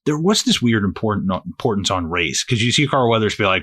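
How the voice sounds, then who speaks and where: A man co-hosting a casual movie podcast, animated and swearing freely as he acts out lines from the film. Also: lowish voice, a little fast. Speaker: podcast co-host.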